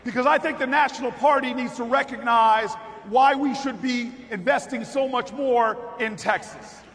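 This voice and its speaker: A man giving a rousing political speech at a party convention, telling a story and building to shouted, repeated calls. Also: extremely high pitch, normal speed. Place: large convention hall with audience. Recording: echoey hall with crowd noise.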